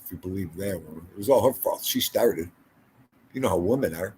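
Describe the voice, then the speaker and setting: A man's voice: low-pitched, lively intonation, brisk, darkish tone, slight background noise. An older man hosting a casual livestream, rambling through stories and talking to viewers in the chat by name. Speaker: livestream host.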